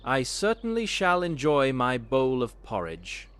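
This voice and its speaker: Male reader as little boy bear cub: high, shrill, squealing. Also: wildly swooping pitch, unhurried, a bit bright, smooth. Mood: eager. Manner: whiny and easily upset.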